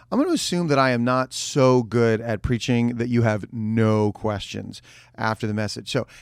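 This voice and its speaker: A man's voice: mid-range voice, dry recording, clean studio sound. A male pastor co-hosting a casual church podcast, his voice still not recovered from the weekend, joking and rambling with restarts. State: voice not recovered, a bit hoarse.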